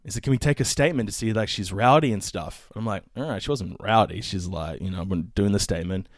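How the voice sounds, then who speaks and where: A man co-hosting a casual podcast, telling a story full of swearing and animated retelling. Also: lowish voice, fast talker, dry recording, clean studio sound. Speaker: podcast co-host.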